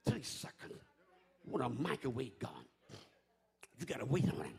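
A man preaching a fervent sermon, rising to shouts and chuckling between lines. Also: medium pitch, wildly swooping pitch, normal speed, gravelly, husky. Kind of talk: call-and-response sermon.

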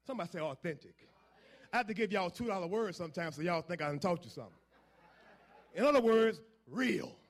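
High-pitched male preacher, call-and-response sermon, swings from low murmurs to shouting.

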